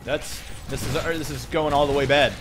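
A young man from Canada with an East Coast Canadian accent, telling stories and casting a game in a casual, animated way. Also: medium pitch, fairly quick, music in the background. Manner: animated storyteller, swears casually, many fillers. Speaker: game caster. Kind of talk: casual game commentary and storytelling.

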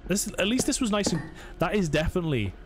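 A man's voice: high-pitched, sing-song, fast talker, background noise. A man commentating a horror let's play, nervously narrating his every move to himself. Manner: jumpy, self-narrating, talking himself through scares. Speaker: gaming channel host.

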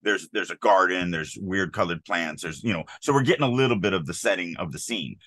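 A man co-hosting a podcast, discussing a writing submission in a casual, animated way, often acting out quoted lines. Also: low-pitched, brisk, no room sound. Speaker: podcast co-host.

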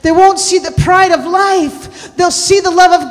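Woman preacher, very high voice, slow fervent sermon delivery building to shouts, long church reverb. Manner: impassioned, rising to shouts and sung cries. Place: church sanctuary.

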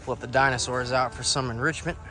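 A man's voice: medium pitch, steady tone, fast, over loud music. A man chatting casually in an outdoor vlog while working around his animals, laid-back and swearing now and then. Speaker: vlogger and animal keeper.

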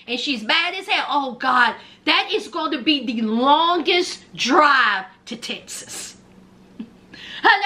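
A woman's voice: sits high, pushed and bright. A woman giving a sassy, gossipy recap of a reality show, acting out what the cast said. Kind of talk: animated show recap commentary.

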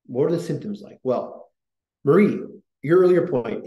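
Rambling man, dark voice, echoey room. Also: mid-range voice, animated, moderate pace. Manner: rambling, self-interrupting, many fillers. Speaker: podcast host. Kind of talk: casual rambling talk.

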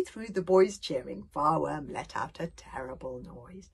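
A British woman, a children's author, reading her storybook aloud in an expressive way that often drops to a whisper. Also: deep voice, measured pace, creaky, few pauses. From United Kingdom.

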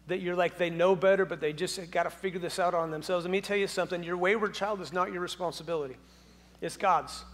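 A man's voice: high-pitched, a bit bright, in a large hall. A male pastor giving a sermon in a church, speaking conversationally, asking the audience many questions, and adding touches of humor. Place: church sanctuary.

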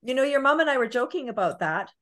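A woman's voice: high voice, expressive, fast talker, fairly bright tone. A woman hosting a trivia game, chatting casually and laughing easily. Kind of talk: casual chat.

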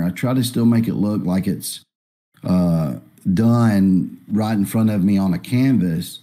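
A man from Alabama, talking in a relaxed, rambling way with many fillers as a guest artist in a live Q&A. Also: fairly low pitch. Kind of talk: casual live Q&A.

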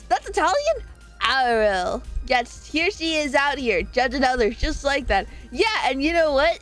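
A young woman streamer in casual live-stream chat, reading chat aloud with lots of swearing and laughing. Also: fairly high pitch. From Southern US.

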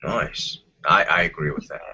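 A man's voice: low-pitched, moderate pace, pushed and bright, husky. A man co-hosting a podcast, from Puerto Rico, chatting casually over a call, laid-back and peppering his talk with "man" and "dude". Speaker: podcast co-host. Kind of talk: casual chat. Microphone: remote call. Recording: dull lo-fi audio.

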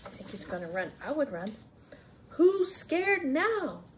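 Animated high-voiced woman reading to children. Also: measured pace. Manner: animated, asks the young listeners questions. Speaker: storyteller reading a picture book aloud to children. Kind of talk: children's read-aloud with chatty commentary.

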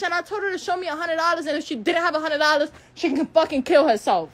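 A young woman of eighteen with a high voice vents on a live stream. She circles back to the same defiant lines again and again and curses freely. When her anger peaks, she stumbles over her words. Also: fast, few pauses. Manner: heated, profane, repeats phrases, stutters when upset. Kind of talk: angry rant on a live stream.

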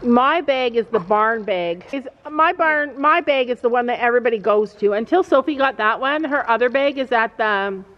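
A woman's voice: on the high side, lively intonation, normal speed, few pauses. A middle-aged mother vlogging casually at a horse barn, chatty and rambling with lots of fillers. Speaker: mom vlogger. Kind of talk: casual vlog chat. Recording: dull lo-fi camera audio.

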